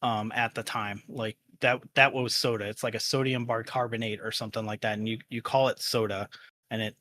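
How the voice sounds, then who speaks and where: Bright-voiced rambling Midwestern guest man. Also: lowish voice, flat delivery, fairly quick, dry recording. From American Midwest. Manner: rambling, many fillers. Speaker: podcast guest, YouTuber. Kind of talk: casual interview chat.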